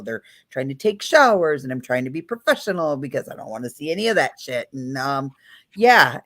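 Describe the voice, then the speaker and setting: Woman host chatting on a late night stream, voice jumps all over, animated retelling. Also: low voice, no room sound, studio quality. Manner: animated, acts out quoted people. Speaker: livestream host. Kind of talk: casual storytelling chat.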